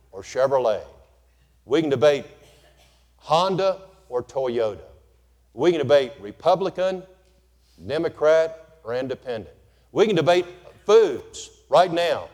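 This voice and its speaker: A man's voice: fairly high pitch, a little mellow. A man preaching a folksy, humorous sermon to his congregation. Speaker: pastor. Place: church sanctuary. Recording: long reverb of a church hall.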